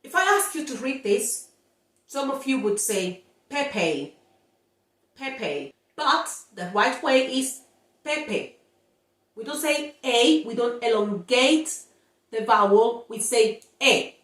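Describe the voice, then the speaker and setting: A woman teaching Spanish pronunciation, sounding out words slowly and scolding playfully about common mistakes. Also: on the high side, a bit bright, reverberant, recorded from a distance. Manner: slow, drawn-out demonstrations of sounds, playful scolding. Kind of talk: pronunciation lesson.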